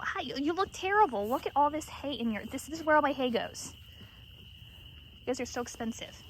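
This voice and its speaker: A woman's voice: medium pitch, a little hiss or hum. A woman vlogging at night in her sheep pen, chatting to the camera and cooing fondly at her animals. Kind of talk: casual vlog narration.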